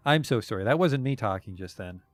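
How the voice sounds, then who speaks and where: A man's voice: on the low side, animated, fairly quick, dry recording, soft background music, lightly acted. A man reading a shy young acrobat girl. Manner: soft and shy.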